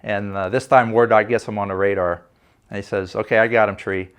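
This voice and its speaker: An older man, a former Navy fighter pilot, telling a story for a documentary interview in a relaxed, anecdotal way with frequent fillers. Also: fairly low pitch, brisk, slight background noise.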